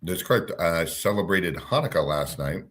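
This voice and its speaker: A man's voice: deep voice, expressive, moderate pace, a bit bright. A man co-hosting a casual chat show, upbeat and rambling. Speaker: co-host.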